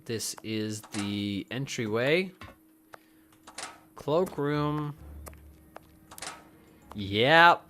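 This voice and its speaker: A woman's voice: extremely low pitch, expressive, very slow, pauses often, a bit bright, soft background music. A tipsy woman streaming a game, talking to herself with lots of swearing. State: drunk. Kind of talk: casual game commentary.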